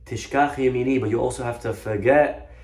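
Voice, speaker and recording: A man giving a storytelling sermon, animated, often restarting his sentences. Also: mid-range voice, brisk. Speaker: Torah teacher. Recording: echoey room.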